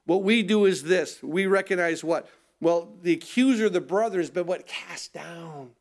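A man's voice: high voice, normal speed. A middle-aged male pastor preaching a sermon, asking rhetorical questions and repeating phrases for emphasis.

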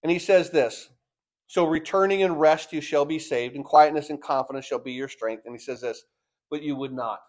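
Preaching in a fairly high register, the man swings from loud emphasis to soft, slow, lingering phrases, repeating words again and again as his points take shape.

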